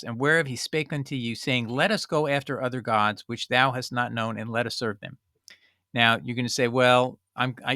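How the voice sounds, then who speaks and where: A man's voice: mid-range voice, bright, forceful tone, dry recording, clean studio sound. A man giving an informal, earnest Bible study, reading scripture aloud and explaining it in a conversational way. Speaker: Bible teacher.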